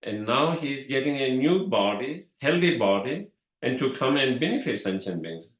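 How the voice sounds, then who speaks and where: A man whose first language is Tibetan, giving a dharma talk in a slow, halting way with many fillers and repeated words. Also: medium pitch, sing-song. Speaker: Buddhist teacher. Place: meditation hall. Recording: echoey room.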